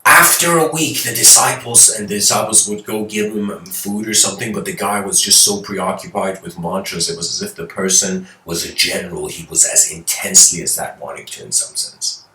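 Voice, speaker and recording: A man with a slightly low, forceful voice tells a spiritual story in a lecture. He rambles and restarts as he goes. The room echoes, and he stands away from the mic. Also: moderate pace, hardly any pauses, recorded from a distance. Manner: rambling, with many fillers and restarts, and animated.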